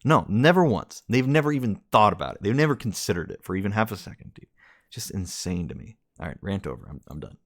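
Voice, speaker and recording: A man's voice: fairly low pitch, animated, quick pace. A young man streaming a game, tired and venting in an exasperated, repetitive rant about losing. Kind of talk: frustrated gaming rant.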